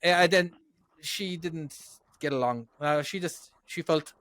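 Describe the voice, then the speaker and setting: A man's voice: a little high, slow pace, a bit bright, no echo. Irish man from Cork, rambling host. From Ireland. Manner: rambling, with many restarts and swearing. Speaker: podcast host. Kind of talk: casual chat.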